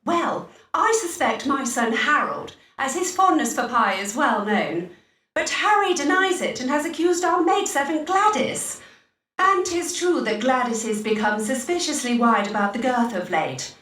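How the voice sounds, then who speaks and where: Excitable Elizabethan lady, high and swooping, theatrical game voice, far-off roomy sound. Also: normal speed. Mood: gossipy. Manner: gossipy, theatrical olde-English speech. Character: fussy Elizabethan gentlewoman, indignant and excitable. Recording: distant roomy game audio.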